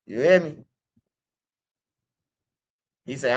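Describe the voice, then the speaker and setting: A man's voice: on the high side, moderate pace. A man talking casually to the camera in a rambling, profane street manner, recorded with dull lo-fi sound.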